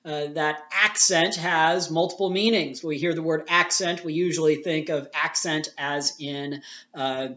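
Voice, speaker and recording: A man teaches a recorded lesson from home, explaining patiently and filling his pauses with "uh." The room is echoey around him, and the recording sounds dull and lo-fi. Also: on the high side, steady tone, pushed and bright. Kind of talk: recorded classroom lecture.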